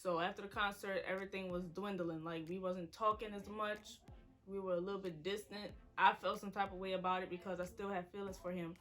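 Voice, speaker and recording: A woman's voice: medium pitch, little pitch movement, fairly quick, fairly bright tone. A woman in her twenties, a vlogger, candidly telling her story to viewers in a chatty way. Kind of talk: emotional story time to viewers.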